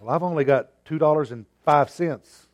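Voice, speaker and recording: A man's voice: on the high side, moderate pace, lightly acted. A man voicing a polite, earnest young boy with a leg brace.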